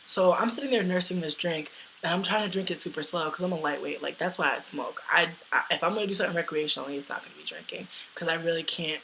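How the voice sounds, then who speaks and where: A young American woman telling a personal story in a loud, brash, profane way, laughing often. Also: low-pitched, quick pace, gravelly, slight background noise, low-quality recording. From United States.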